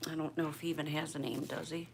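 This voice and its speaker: Her voice deep and creaky with fairly even intonation, this older Bristol, Pennsylvania woman talks fast during a casual home livestream. She stays quiet while chatting with viewers by name, and a faint hiss or hum runs underneath.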